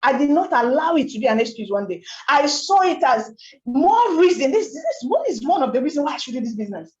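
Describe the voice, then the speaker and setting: A young woman speaks in a high voice, telling her story with emphatic, animated energy and many rhetorical questions. The sound is roomy and a little dull, like a talk given in a hall. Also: a little fast. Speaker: network marketing speaker. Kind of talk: motivational testimony talk.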